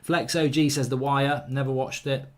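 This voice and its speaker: A man's voice: medium pitch, little pitch movement. A man hosting a live football watchalong, chatting casually, reading out viewer comments and giving strong opinions. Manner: chatty, opinionated, quick to get worked up over refereeing.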